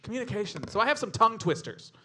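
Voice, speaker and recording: A man's voice: sits high, sing-song, quick pace, sharp tone, husky. A man hosting a live comedy game show in front of an audience, bubbly and laughing often as he announces. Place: live stage before an audience.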